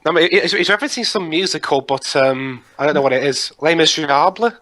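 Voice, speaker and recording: A young man with a bright, forward voice co-hosts a casual movie commentary. He riffs sarcastically on the film with his friends. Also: fairly high pitch, quick pace. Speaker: commentary co-host.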